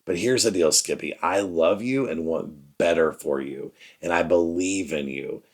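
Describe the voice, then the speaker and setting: A man's voice: low-pitched, unhurried. A middle-aged man hosting a podcast, talking about parenting in an earnest, conversational way and speaking straight to the listener. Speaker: podcast host. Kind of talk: reflective parenting talk.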